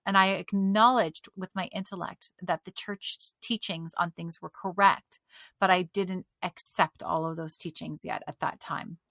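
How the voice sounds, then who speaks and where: A woman shares her faith story on a podcast, talking in an animated, storytelling way. She breaks into laughs often as she tells it. Her voice sits at a middle pitch and the sound is dry and close. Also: no room sound. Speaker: podcast guest. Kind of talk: casual faith testimony.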